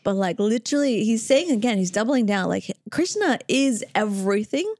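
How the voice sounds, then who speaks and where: A woman's voice: mid-range voice, expressive, normal speed, a little mellow, no echo, studio quality. A woman co-hosting a casual spiritual discussion, chatty and full of "like" fillers. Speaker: podcast co-host.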